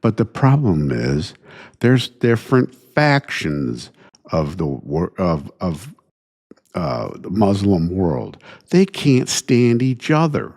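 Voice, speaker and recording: A man hosting his own show, ranting indignantly in a halting way, restarting phrases and sighing between thoughts. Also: sits low, sing-song, a little mellow. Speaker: podcast host. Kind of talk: solo opinion rant.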